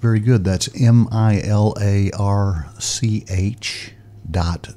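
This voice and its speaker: A man's voice: fairly low pitch, slow, mellow. A man hosting a radio interview, asking questions and appealing for donations. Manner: conversational, asks questions, makes appeals. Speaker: radio host.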